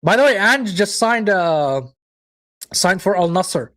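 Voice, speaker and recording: A man's voice: high-pitched, animated, slow pace, fairly bright tone. Chatty football watchalong host, a man. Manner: chatty, reacts to chat and game, swears. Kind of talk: casual live football watchalong chat.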